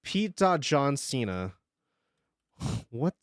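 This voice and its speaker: A man streaming live, chatting casually and joking as he reacts, laughing often and breaking into excited bursts. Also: a little high, takes it slowly, long pauses, clean tone, no echo, clean studio sound. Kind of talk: casual live-stream commentary while drawing.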